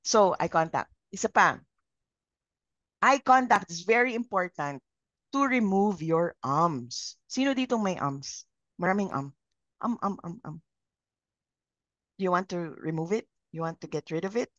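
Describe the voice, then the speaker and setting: A woman's voice: fairly low pitch, expressive, moderate pace, a bit bright, no room sound. Filipino woman trainer, lo-fi sound. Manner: engaging, asks the group questions. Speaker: communication trainer. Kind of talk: live training session, Taglish. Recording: dull lo-fi sound.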